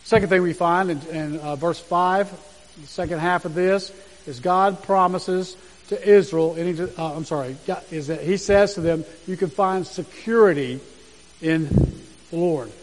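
A man with a high voice preaches a sermon, earnest and deliberate as he reads scripture aloud with weight. His words ring out with a long reverb trailing behind them. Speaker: pastor.

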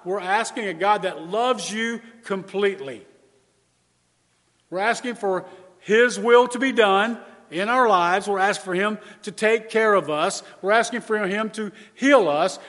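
Male pastor, sermon delivery, fairly high voice, earnest and measured, long reverb. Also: fairly bright tone. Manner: earnest, measured preaching with repeated emphasis.

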